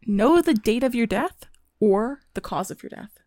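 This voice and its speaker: A woman's voice: fairly high pitch, lively intonation, normal speed, a little mellow, no echo, clean studio sound. A young woman co-hosting a casual chat, blunt and laughing often, with plenty of swearing. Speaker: podcast co-host.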